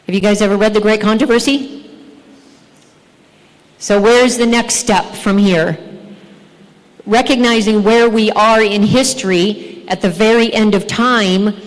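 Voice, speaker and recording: A woman's voice: mid-range voice, fairly even intonation, a little slow, long pauses. A woman giving a church health talk, earnest and asking her listeners questions. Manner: earnest, asks the audience questions. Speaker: health speaker. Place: church hall. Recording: long hall reverb.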